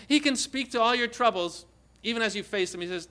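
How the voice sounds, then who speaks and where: A man preaching a sermon earnestly, quoting scripture and voicing the Lord's words in a lower, softer tone. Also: brisk.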